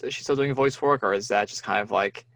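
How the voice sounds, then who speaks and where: A man's voice: fairly low pitch, a bit bright, no echo. A man in his thirties co-hosting a movie podcast, talking hesitantly and correcting himself as he goes. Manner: hesitant, halting, self-correcting. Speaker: podcast co-host. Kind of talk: casual movie podcast chat.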